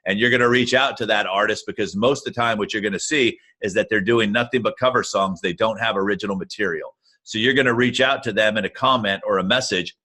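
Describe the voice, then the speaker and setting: This is a man with a low voice who is a guest on a Q&A call. His advice comes out blunt and matter-of-fact, and he talks straight to listeners over a video call. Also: animated, fast talker, sharp tone. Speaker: guest music-industry adviser. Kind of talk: casual advice in a Q&A.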